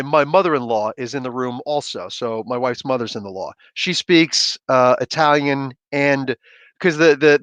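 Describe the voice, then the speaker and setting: A man's voice: a little high, fairly bright tone, no echo, highs cut off. A man hosting a casual livestream chat, telling a story in a blunt, rambling, ranting way with lots of fillers. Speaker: host. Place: home livestream setup.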